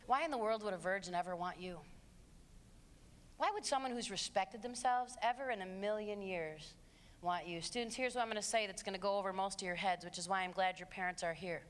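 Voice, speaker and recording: A middle-aged woman giving a live talk to students and parents in an auditorium, emphatic and sarcastic, moving between hushed asides and shouts. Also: medium pitch, fairly quick. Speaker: speaker addressing students and parents. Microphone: handheld stage mic. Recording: long hall reverb.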